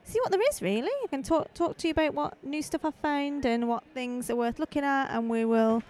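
Chatty high-voiced woman podcast host. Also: a little fast, darkish tone. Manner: chatty, rambling, friendly asides. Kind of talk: casual live walkabout podcast. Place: outdoor festival stalls. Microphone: handheld microphone.

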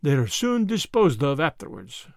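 A man voicing a Russian conspirator who talks softly with a sinister, amused edge. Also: a little high, huge pitch swings, normal speed, gravelly, dry recording, clean studio sound, full character voice. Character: sly Russian male plotter, sinister.

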